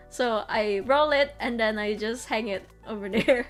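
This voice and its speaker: A woman's voice: on the high side, unhurried, soft background music. A woman streamer chatting casually over trip photos, giggly and full of fillers. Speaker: vtuber streamer.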